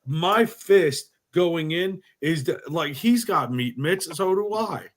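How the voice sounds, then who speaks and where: A man's voice: fairly high pitch, lively intonation, takes it slowly. A man co-hosting a podcast, emphatic and arguing his point in casual banter, repeating "listen, no.". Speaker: podcast co-host.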